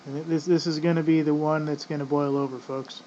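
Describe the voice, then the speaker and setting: A man's voice: a little high, level tone, fairly quick, dark tone. A man in casual ranting commentary, rambling and profane, often addressing "folks". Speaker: vlogger. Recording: dull lo-fi audio with faint noise.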